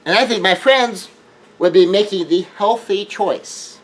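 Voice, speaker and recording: A man with a high-sitting voice, captured on a rough recording, delivers an earnest monologue of relationship advice. Rushing to build his points, he often repeats words, and he performs quoted scenes aloud.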